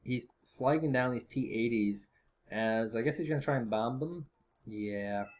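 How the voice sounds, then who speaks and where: A man's voice: medium pitch, unhurried. A man casting a strategy game match in a rambling, jokey, think-aloud way. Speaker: esports caster. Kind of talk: casual game commentary.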